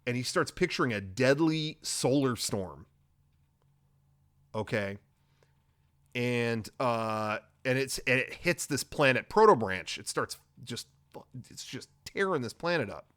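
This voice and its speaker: A man's voice: mid-range voice, lively intonation, measured pace, fairly bright tone. A man hosting a podcast, retelling a story in a loose, rambling way, full of swearing and slang, with offhand quoted lines. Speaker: podcast host. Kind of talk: casual comedic recap.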